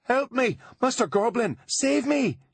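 A man's voice: medium pitch, very animated, fast, husky, no echo, pitched above the performer's own voice. A man voicing a feisty young woman. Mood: mock hysterical.

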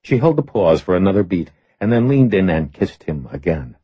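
A man narrating an audiobook in a measured, steady reading voice. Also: low voice, husky, no room sound. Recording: slightly muffled recording.

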